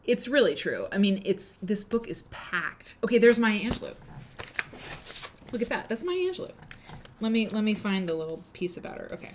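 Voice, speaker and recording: A woman's voice: mid-range voice, moderate pace, slight background noise. A woman, hosting a live quilting show, chatting and reading aloud with many fillers and restarts. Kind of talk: casual live-stream chat and reading aloud.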